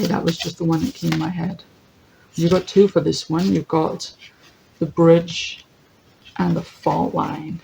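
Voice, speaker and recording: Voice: mid-range voice, gravelly, a little mellow, a little hiss or hum, low-quality recording. A tarot reader giving a casual general reading, thinking aloud, correcting themselves, laughing easily and reading lists from a guidebook. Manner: chatty, thinks aloud, often corrects itself.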